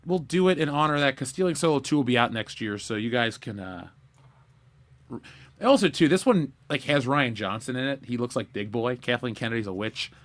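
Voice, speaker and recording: A man co-hosting a podcast in casual chat, excitable and quick to laugh as he plugs his projects. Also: mid-range voice. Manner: excitable, laughs a lot, plugs merch and Patreon. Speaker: podcast co-host.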